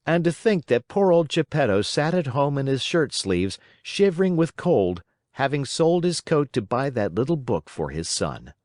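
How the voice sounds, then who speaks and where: Man narrating a storybook, lively up and down delivery, dry close mic. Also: mid-range voice, normal speed, no room sound. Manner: expressive, dramatic reading. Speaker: audiobook narrator.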